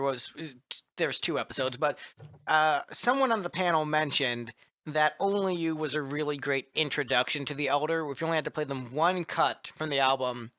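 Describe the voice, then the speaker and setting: A man's voice: a little high, pushed and bright, dry recording, clean studio sound. A man co-hosting a casual music podcast, chatting enthusiastically and giving opinions. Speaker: podcast co-host. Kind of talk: casual panel chat about music.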